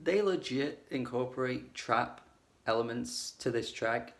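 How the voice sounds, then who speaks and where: A man's voice: medium pitch, unhurried, vocal fry. A man giving a casual spoken album review, blunt and critical, with lots of "like" fillers. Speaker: music reviewer.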